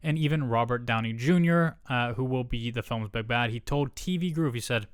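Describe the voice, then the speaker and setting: A man's voice: medium pitch, moderate pace, hardly any pauses, smooth, no room sound, studio quality. A man hosting a casual entertainment news commentary, with sarcastic and profane asides. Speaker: host.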